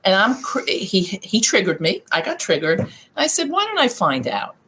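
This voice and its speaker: A middle-aged woman coach talks in a lively way, her pitch swinging up and down. She tells stories in a podcast interview and slips into the voices of the people she quotes. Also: normal speed, slight background noise. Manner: animated, acts out quoted voices with laughs. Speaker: guest life coach.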